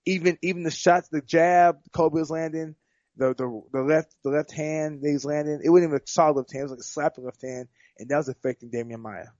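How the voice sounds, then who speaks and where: A man with a somewhat high voice talks through a fight in loose, rambling sports chat, circling back and repeating his words as he goes. The sound is dull and dry, with no room around it. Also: steady tone, fast talker, a little mellow, no room sound. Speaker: fighter guest.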